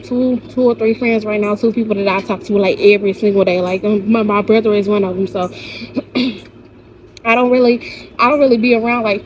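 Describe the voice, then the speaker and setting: A woman's voice: a little high, a little hiss or hum. A young woman, casually telling stories and venting bluntly with heavy profanity on her vlog. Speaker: vlogger. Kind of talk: casual storytelling monologue. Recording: slightly dull lo-fi recording with faint ambience.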